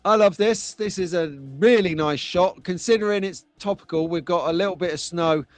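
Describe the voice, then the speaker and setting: A man's voice: high voice, brisk, no echo, faint music behind. Chatty man hosting a live stream. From England. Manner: chatty, jokey, reads out chat comments. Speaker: host of a live slot car stream. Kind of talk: casual live-stream chat. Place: home.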